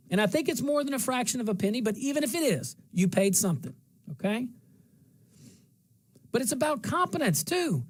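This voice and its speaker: Man, central Louisiana twang, talk show host, folksy, rambling, fairly high voice. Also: darkish tone. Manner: folksy, rambling, repeats phrases for emphasis. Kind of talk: solo talk show monologue.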